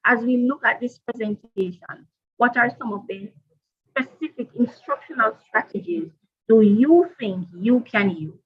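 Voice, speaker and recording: A woman presenting a professional development workshop to teachers, deliberate and repeating her key points. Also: on the high side, lively intonation, husky, phone-quality sound.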